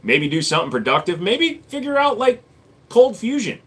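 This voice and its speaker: A man's voice: high voice, sing-song, normal speed, slightly rough. A man in his forties, born in Korea, hosting a casual live stream and answering chat questions in a blunt, sarcastic way. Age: 40s. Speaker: livestream host.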